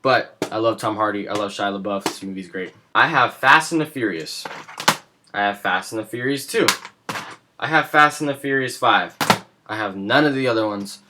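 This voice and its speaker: A man's voice: lowish voice, normal speed, noisy background. A young man in a casual vlog, talking with rambling enthusiasm about his favorites. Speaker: movie vlogger. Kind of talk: casual chat.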